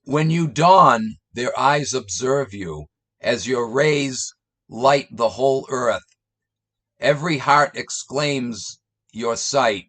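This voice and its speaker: Reading out scripture and then mocking it with sarcasm and scorn, this online commentator drags his words out slowly. He has an expressive mid-range voice with a fairly bright tone.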